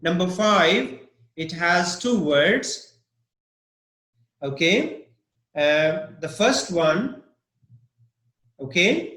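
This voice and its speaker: Male English teacher, slow and halting, slightly high voice, echoey room. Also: expressive, bright, forceful tone. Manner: slow, halting, many fillers and "okay?" checks. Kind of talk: live pronunciation lesson.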